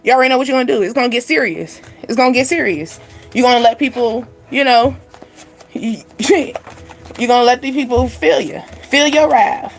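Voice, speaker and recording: Lively chatty woman. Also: on the high side, normal speed, soft background music. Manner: animated, chatty, laughs often, addresses viewers directly. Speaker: tarot reader. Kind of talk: livestream card reading.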